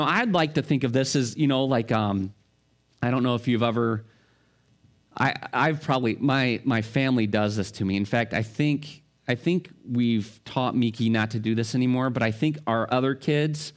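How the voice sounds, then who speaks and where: A middle-aged male pastor giving a sermon in a conversational way, full of rhetorical questions and family stories. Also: mid-range voice.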